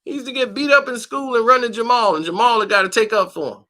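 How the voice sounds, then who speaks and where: Speaking very fast in a very high voice, this boxing-channel host spins a casual story full of slang and combative bluntness. He animates the tale by raising his voice whenever he quotes someone else.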